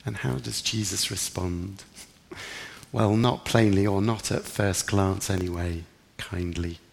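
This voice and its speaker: A man's voice: deep voice, steady tone, takes it slowly, gravelly, big-room sound. A man preaching a sermon in an earnest, reflective way, lifting his voice for emphasis. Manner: earnest, reflective, rising with emphasis in quoted prayers.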